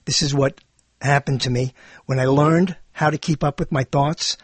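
A man giving a rambling spoken monologue, animated and digressive, often correcting himself mid-sentence. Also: mid-range voice, moderate pace, slightly rough, no room sound. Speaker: monologue speaker.

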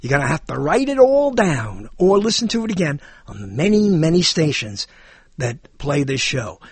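A man's voice: fairly high pitch, big pitch swings, moderate pace, breathy edge, dry recording. A man hosting a talk show with a rambling, self-deprecating monologue that jumps between topics.

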